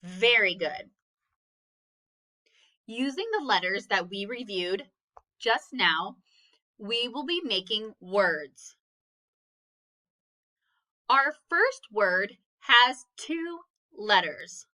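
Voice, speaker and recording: A woman leads a phonics lesson at a very unhurried pace. Her voice is bright and clear, and she sounds out each letter patiently and encourages the listener. She keeps the tone gentle and instructive throughout. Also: medium pitch, animated. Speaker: teacher. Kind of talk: slow phonics lesson for children.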